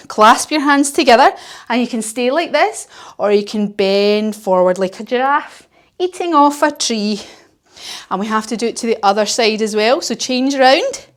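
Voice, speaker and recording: A woman leading a children's yoga class as a story, gentle and encouraging. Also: fairly high pitch, expressive, measured pace. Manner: gentle, encouraging, sing-song. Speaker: kids' yoga teacher.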